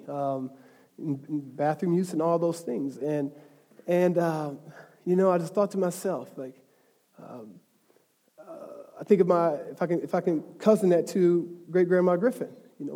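Preaching in a church sanctuary where his voice echoes with long reverb, a man with a high yet mellow tone starts off conversational and chatty. He then rises into passionate, emphatic stretches as he addresses his congregation.

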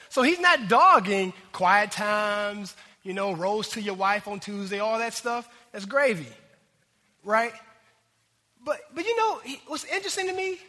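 A man preaching a sermon in an animated, conversational way, talking straight to the congregation. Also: very high-pitched. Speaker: pastor. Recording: long hall reverb.

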